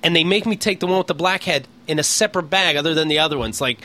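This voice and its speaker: A man's voice: a little high, fast talker, sharp tone. A man from Pennsylvania co-hosting a podcast, telling an exasperated, profane story in casual comedic chat. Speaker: podcast co-host.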